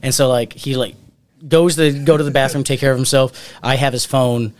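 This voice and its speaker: Young male podcast host, quick and jokey, laughs a lot, mid pitch. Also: fairly even intonation. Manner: fast, joking, swears a lot, laughs often. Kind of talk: casual podcast chat.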